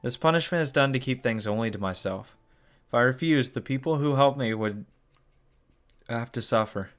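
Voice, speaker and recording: A man's voice: medium pitch, normal speed. Man reading a game aloud, cursing. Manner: shocked cursing and groaning between read lines. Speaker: let's play host. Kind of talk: reading a visual novel aloud.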